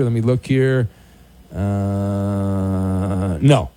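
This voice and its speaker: A man's voice: fairly low pitch, steady tone, slow pace, warm tone. A man hosting a sports call-in radio show, bantering sarcastically with callers and stumbling over restarts. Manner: sarcastic, teasing, stammering restarts. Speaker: sports talk radio host.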